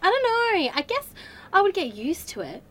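A woman's voice: very high-pitched, very animated, normal speed, a bit bright, full character voice. A woman playing Wendy, a bubbly, ditzy young woman who gushes and chatters in a comedy audio drama. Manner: giggly, chatty, valley-girl gushing.

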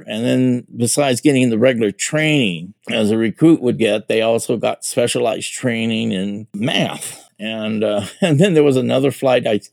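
Older guy rambling through old service stories, gravelly voice, dry close sound, lots of uh and you know. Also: medium pitch, darkish tone, no room sound. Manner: rambling storyteller, frequent fillers and restarts. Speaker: veteran telling his life story. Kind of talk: casual spoken memoir.

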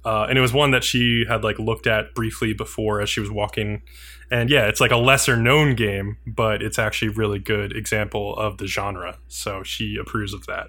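A man's voice: lowish voice, moderate pace. A man co-hosting a casual chat, talking loosely with lots of fillers and chuckling along about an anime. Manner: relaxed, filler-heavy, chuckling. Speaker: podcast co-host.

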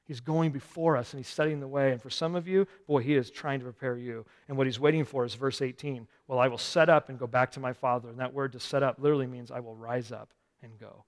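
A man preaching a sermon as pastor, swinging from loud urgent passages to quiet, intimate ones. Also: mid-range voice, fairly even intonation, fast. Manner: impassioned preaching with wide swings from loud to soft. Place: church sanctuary. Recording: long reverb of a large hall.

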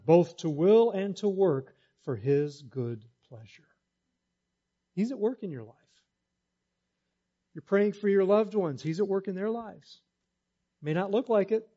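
High-voiced emphatic man preaching. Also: warm tone, highs cut off. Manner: emphatic, repeats key phrases, leads congregation call-and-response. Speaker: pastor. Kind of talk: sermon.

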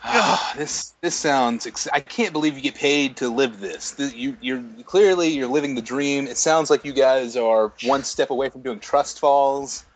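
A man's voice: medium pitch, unhurried, few pauses, dry recording, low-quality recording. A man in casual chat, reacting to stories with incredulous, teasing questions.

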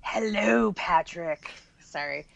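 A woman's voice: lowish voice, slow pace, vocal fry, fairly bright tone, no echo, dull audio. A woman co-hosting a casual podcast, playful and wry. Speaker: podcast co-host.

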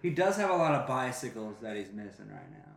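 A man's voice: medium pitch, big pitch swings, fairly quick, gravelly. Wry teasing man in an echoey room. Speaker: podcast co-host. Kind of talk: casual chat among friends.

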